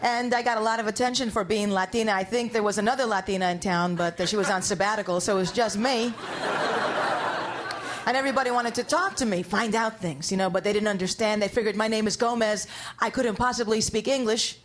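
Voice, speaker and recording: A woman's voice: medium pitch, fairly even intonation, quick pace, background noise. Wry woman comedian, live stage set. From New York, USA. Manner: wry, conversational, punchline-driven. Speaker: stand-up comedian. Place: comedy stage before an audience.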